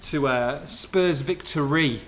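A man with a fairly high-pitched voice hosting a relaxed football podcast. He tells stories with lively energy and laughs easily as he goes. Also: slow pace. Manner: lively anecdotal storyteller, laughs often. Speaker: podcast host. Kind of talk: casual football podcast chat.

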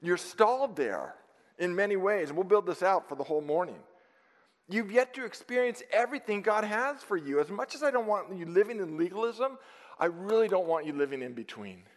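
A high-voiced man preaching with real fire, punching key words and then dropping to a near hush. His sermon rings out through a church sanctuary with a long, lingering reverb. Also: lively intonation, fairly quick. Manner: emphatic, dynamic preaching with sudden drops to near-whisper. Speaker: pastor.

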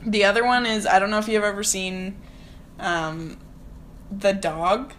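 A woman's voice: medium pitch, fairly even intonation, a little slow, fairly bright tone, a little hiss or hum. A young woman co-hosting a casual podcast, rambling and chatty with lots of fillers. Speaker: podcast co-host. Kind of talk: casual chat.

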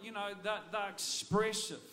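A high-voiced pastor delivers a sermon with energy, often doubling back to restart a phrase. His delivery is still fairly flat, at a moderate pace, with a crowd audible in the background.

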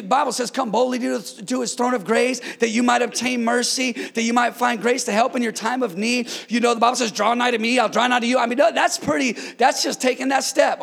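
Male preacher, fired-up sermon delivery, high voice with a gravelly edge, jokes with the room. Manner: excitable, shouts commands, jokes with congregation. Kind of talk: energetic sermon.

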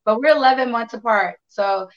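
Woman guest, casual and profane storyteller, slightly high voice, muffled lo-fi sound. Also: normal speed. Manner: animated, profane anecdote telling with quoted dialogue. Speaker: interview guest.

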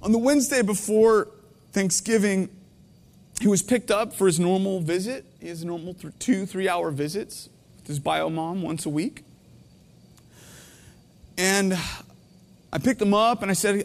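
A man in his thirties preaching a heartfelt sermon, tearful, his voice swinging between hushed and intense. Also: sits high, measured pace, long pauses, long reverb tail. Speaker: pastor. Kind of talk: emotional sermon.

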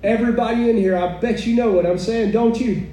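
A woman's voice: on the high side, fairly even intonation, a little fast, mellow. A woman preaching a sermon to a live audience, fervent and exclaiming, with chuckling asides. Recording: echoey room, mic far off, faint noise.

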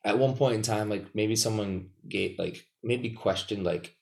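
A man's voice: fairly low pitch, a little slow, gravelly, darkish tone. A man hosting a podcast in casual chat, agreeable and upbeat, often saying "yeah".

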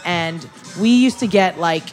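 A young woman hosting a casual chat, telling a story with lively energy and acting out the people in it. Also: fairly low pitch, measured pace, soft background music. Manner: animated storyteller, acts out customers' lines. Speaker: podcast host, former waitress.

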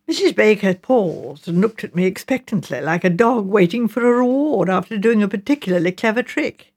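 A woman narrating a mystery audiobook with measured, expressive delivery. Her pitch sits at a middle level but moves in lively arcs. She tells the story at an even, unhurried pace. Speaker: audiobook reader.

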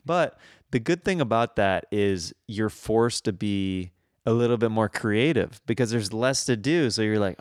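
Laid-back low-voiced male podcast host. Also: expressive, measured pace, dry recording, clean studio sound. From Kansas. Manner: rambling, laughs often, many fillers. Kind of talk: casual podcast chat.

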